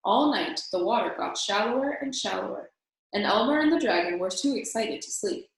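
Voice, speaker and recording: A woman reading a children's storybook aloud in calm, steady narration. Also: mid-range voice, moderate pace. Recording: very echoey room.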